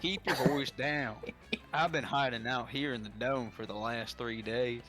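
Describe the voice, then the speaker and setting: Man doing a Southern-accented bat rebel, theatrical lover, slow drawl, music bed. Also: medium pitch, a bit bright, natural voice. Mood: conspiratorial. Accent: put-on Southern US. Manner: grand, theatrical declarations. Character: scheming male bat monster, rebel, melodramatic lover. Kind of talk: voicing a game character on stream.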